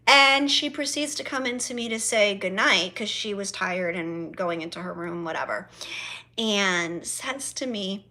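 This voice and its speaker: A woman's voice: medium pitch, unhurried, bright, forceful tone. A woman telling a family story to her viewers in a chatty vlog, swearing freely and acting out both sides of conversations with her mother. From South Florida. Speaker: vlogger. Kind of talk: casual storytelling to camera.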